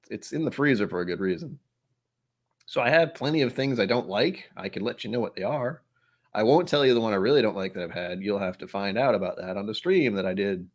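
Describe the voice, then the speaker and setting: A young man hosting a whiskey channel, chatting casually with his viewers in a rambling, self-mocking way. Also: on the low side. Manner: rambling, self-mocking, reacts aloud to chat. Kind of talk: casual livestream chat.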